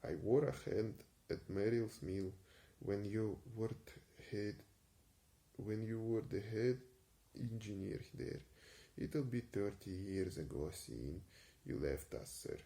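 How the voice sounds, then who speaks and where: A man voicing an old Yorkshire mill hand in disguise, speaking slowly and haltingly in an attempted Yorkshire accent. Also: on the low side, gravelly, warm tone. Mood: wheedling.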